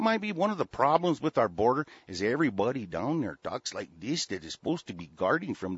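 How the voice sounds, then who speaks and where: A man from the United States hosting a broadcast, reading news items and breaking into angry, profane commentary, halting with many fillers and restarts. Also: medium pitch, very animated, husky, no echo. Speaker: broadcast host. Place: seated at a desk. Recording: dry, dull lo-fi audio.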